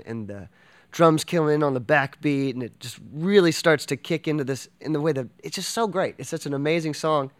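A man's voice: medium pitch, a bit bright, smooth, no echo. A man who drums, a guest in a casual interview, talking with enthusiasm, rambling with many fillers and restarts. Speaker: drummer and podcast guest.

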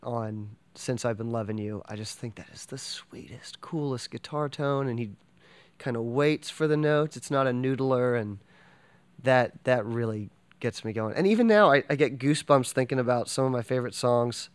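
Enthusiastic rambling man, smooth voice. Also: medium pitch, moderate pace, no echo. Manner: enthusiastic, rambling, with many fillers and restarts. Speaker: drummer and podcast guest. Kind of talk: casual interview chat.

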